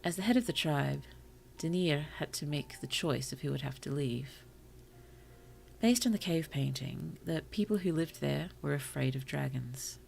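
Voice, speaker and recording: A woman streamer reading short stories aloud to her chat, slow and careful, with apologetic asides between passages. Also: sits low, lively intonation, gravelly, a little mellow, slight background noise. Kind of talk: story reading on a livestream.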